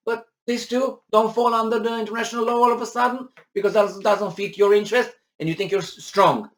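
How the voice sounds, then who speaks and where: A man's voice: sits high, brisk. Indignant man ranting over a news article. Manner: animated, indignant, sarcastic, many fillers and restarts. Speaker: commentary video host. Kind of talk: political commentary reading a news article.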